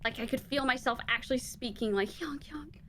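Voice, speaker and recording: A woman's voice: on the high side, fairly even intonation, quick pace, pushed and bright, a little hiss or hum. A woman streaming a game with a friend in playful casual chat, swearing freely and joking. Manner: playful, swears casually, acts out quotes in a whisper.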